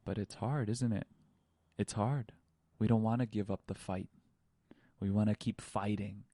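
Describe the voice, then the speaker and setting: A man hosting a spiritual podcast, telling a story in a slow, dramatic way, with repeated phrases and swings between whispers and panicked outbursts. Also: fairly low pitch, fairly even intonation, mellow, no room sound. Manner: repetitive, hypnotic phrasing. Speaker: podcast host.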